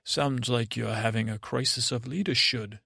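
A man voicing a confident, smooth-talking male stranger who calmly offers advice and flattery in a bedtime story. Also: mid-range voice, moderate pace, no room sound, studio quality, heavily acted. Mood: smooth persuasive. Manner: calm, persuasive, slightly flattering.

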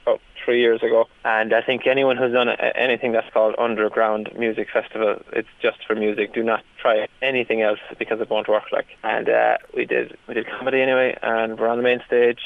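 A man, a stand-up comedian, tells rambling, animated stories from the road. His voice has a gravelly, creaky edge. It comes through a thin, phone-like line. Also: mid-range voice, fairly quick, hardly any pauses. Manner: animated anecdotes, frequent laughs and restarts. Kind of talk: casual storytelling interview.

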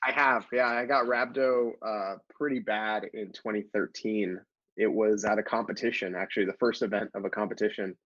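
A man's voice: lowish voice, steady tone, brisk, a bit bright. Man, casual podcast host, loose conversational delivery, muffled lo-fi sound. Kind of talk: casual chat. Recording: dull lo-fi sound.

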